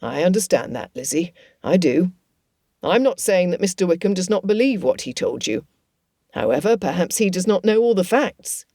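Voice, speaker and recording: A woman voicing an older gentle father in an audiobook, speaking slowly and soothingly in a lowered voice. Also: lively intonation, dry recording, clean studio sound. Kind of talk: audiobook character voice.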